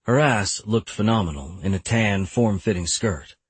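A man's voice: on the low side, normal speed, husky, no echo. A man reading a first-person audiobook as narrator, wry and irritated in tone.

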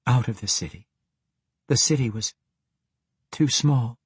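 A male narrator voicing a young woman mage who is shaken and doubts herself, lifting his voice and speaking softly and worriedly. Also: medium pitch, normal speed, breathy edge, no echo, voice pushed up. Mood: uneasy.

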